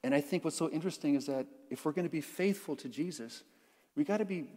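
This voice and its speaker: A man preaching a sermon to his congregation, playful and animated, who acts out quotes and makes sound effects. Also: a little high, quick pace. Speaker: pastor. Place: church sanctuary. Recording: long church reverb.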